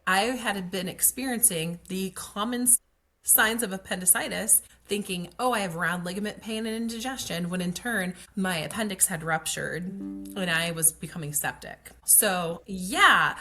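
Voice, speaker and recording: A woman's voice: medium pitch, normal speed, bright, forceful tone. A woman, a guest telling her pregnancy story in a casual, chatty way, full of "like" and acted-out quotes. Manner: chatty, frequent "like" fillers, acts out quoted dialogue. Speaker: guest, pelvic floor occupational therapist.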